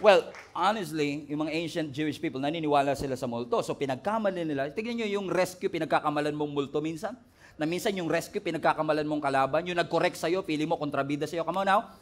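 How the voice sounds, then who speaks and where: A man's voice: on the high side, fast, a faint crowd. A man with a Filipino accent preaching a sermon as pastor, playful, joking and having the congregation repeat words after him. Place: church stage before a congregation.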